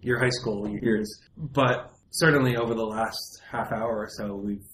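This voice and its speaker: A man interviewing an author, asking measured, conversational questions in an apartment. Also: on the low side, steady tone, a bit bright, roomy sound, slight background noise, low-quality recording.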